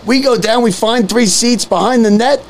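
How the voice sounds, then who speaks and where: A man's voice: extremely high pitch, normal speed, a little hiss or hum. Chatty New man telling stories. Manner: animated storyteller, repeats words, acts out quoted voices. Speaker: podcast host. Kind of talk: casual storytelling chat.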